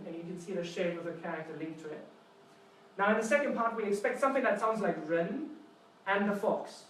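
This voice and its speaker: A man with a high voice gives a live lecture, explaining through playful little stories and calling on the audience. He is picked up from far off in a very echoey university room, with faint background noise. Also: brisk, fairly bright tone. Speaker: seminar presenter.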